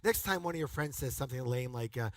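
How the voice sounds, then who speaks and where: A man giving a motivational seminar talk to a live audience, energetic and emphatic, often calling on the crowd to answer or repeat after him and bursting into loud, punchy exclamations. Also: mid-range voice, fast talker, dry recording. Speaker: seminar speaker.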